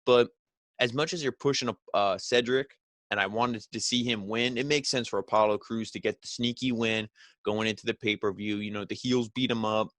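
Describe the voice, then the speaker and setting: A man's voice: lowish voice, fairly even intonation, moderate pace, fairly bright tone, no room sound. A man hosting a wrestling review podcast, recapping in a rambling, sarcastic, filler-heavy way.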